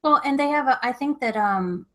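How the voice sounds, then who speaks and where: A woman's voice: sits high, lively intonation, moderate pace. A woman co-hosting a casual live-stream business chat with her husband, thoughtful and rambling with many restarts. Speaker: co-host of a live reselling business show.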